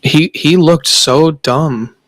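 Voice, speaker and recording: A man's voice: a little high, slow pace, fairly bright tone, dry recording. A young man streaming, telling a profane party story with frequent laughter. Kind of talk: casual chat.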